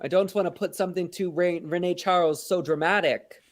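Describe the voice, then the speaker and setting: A man's voice: high-pitched, steady tone, a little fast, no echo. A man from Canada, a drag queen guest joking playfully in casual chat over a video call. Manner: playful, jokey.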